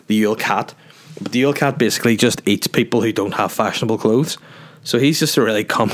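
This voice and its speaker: Guy rambling on his podcast, jokey and sweary, mid pitched. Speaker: podcast host. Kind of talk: casual solo podcast chat.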